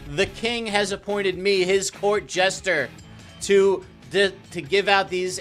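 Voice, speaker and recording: A man running a rapid-fire quiz segment, upbeat and playful as he lays out the rules. His voice sits a bit high. Faint guitar music plays underneath. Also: fairly bright tone. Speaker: game segment presenter. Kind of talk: game show style hosting.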